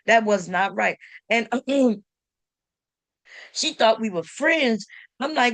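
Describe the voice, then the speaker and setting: An animated woman with a fairly high voice tells a story straight to her camera, emphatic and exasperated, firing off rhetorical questions at her viewers. The sound is dry and close, with no room echo. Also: slow, pauses often. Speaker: sewing channel host.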